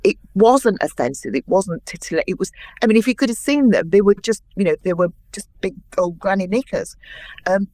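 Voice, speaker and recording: An older woman in her sixties tells stories as an interview guest, animated and full of acted-out quotes. Her voice sits at an ordinary middle pitch, and the recording is close and dry with no room sound. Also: fairly quick, no echo. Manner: lively anecdotal storyteller, acts out quotes. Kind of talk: interview storytelling.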